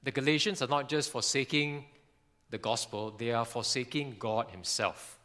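Bright-voiced preacher man in a reverberant hall. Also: medium pitch, normal speed. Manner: animated, acts out shouts and quotes. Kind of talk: sermon.

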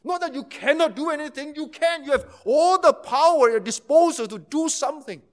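A preacher with a strikingly high voice gives a sermon a little fast, explaining calmly before building to fervent, emphatic passages. His impassioned delivery then sinks back to soft, near-hushed tones.

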